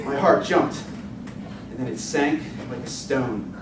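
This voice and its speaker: Male contest speaker, dramatic storytelling, expressive, distant mic, noisy room. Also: medium pitch, unhurried, roomy sound. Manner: vivid, expressive storytelling with rising excitement. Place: contest hall stage.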